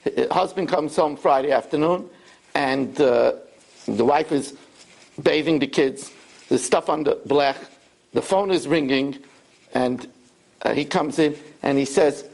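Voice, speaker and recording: A middle-aged rabbi giving a sermon, telling stories and acting out quotes. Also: male voice, fairly high pitch, measured pace, gravelly. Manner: animated storytelling, acts out quotes.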